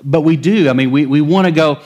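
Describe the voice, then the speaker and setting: A man's voice: on the high side, a little fast, darkish tone. A middle-aged man, a pastor, delivering a folksy sermon full of stories, often chuckling and acting out the people he quotes. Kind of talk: sermon with storytelling.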